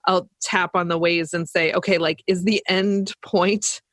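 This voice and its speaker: A woman's voice: on the low side, steady tone, measured pace, fairly bright tone, dry recording. A woman co-hosting a podcast, telling work stories in a chatty casual way. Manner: chatty anecdotal storytelling. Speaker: podcast co-host, lactation consultant.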